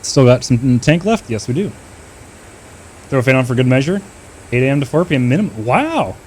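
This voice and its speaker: A male streamer chats loosely while flying a combat sim, cursing freely and joking with viewers between brisk radio calls. His voice sits in an ordinary middle pitch, and a faint hiss runs underneath. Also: sing-song, a little mellow. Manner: loose, swearing banter with chat and teammates. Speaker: streamer playing a flight simulator. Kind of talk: casual live-stream chat with radio calls.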